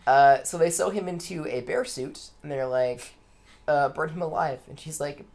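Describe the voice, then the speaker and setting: A man's voice: fairly high pitch, creaky. Jokey young man, faint hiss behind. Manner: jokey plot summary in quick quoted bits. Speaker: film review co-host. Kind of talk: casual film discussion.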